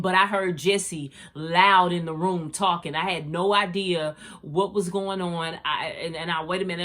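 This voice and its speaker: A middle-aged woman hosting a podcast, telling a personal faith story in a casual, slangy way and talking straight to her listeners. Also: on the low side. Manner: animated, slangy, addresses listeners as y'all. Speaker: podcast host.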